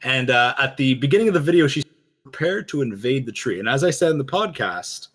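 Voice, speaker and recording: A man with a husky, slightly breathy voice talks through a cinematic in casual podcast chat. His delivery rambles, full of restarts and filler words as he works out his points. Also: medium pitch, lively intonation, brisk. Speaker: podcast co-host. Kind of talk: casual discussion of a game cinematic.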